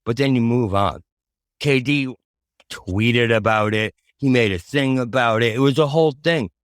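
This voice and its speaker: A man's voice: medium pitch, normal speed, no echo, studio quality. A man co-hosting a casual sports podcast, talking earnestly and rambling through his opinions. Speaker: podcast co-host.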